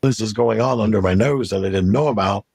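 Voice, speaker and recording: A man's voice: on the low side, a little fast, gravelly, a little mellow, slightly rough, no echo. A man telling his past story in an interview, blunt and matter-of-fact.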